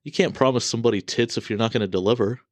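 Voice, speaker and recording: A man's voice: medium pitch, very fast, no echo, studio quality. An American man co-hosting a podcast, trading blunt, profane, teasing banter. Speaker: podcast co-host.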